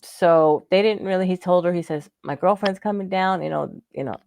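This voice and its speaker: Fairly quick and lowish, her darkish voice carries vocal fry, and the recording has a slight hiss or hum. She's a woman living in Florida telling a long personal story during casual radio show chat, laughing frequently and impersonating the people she quotes.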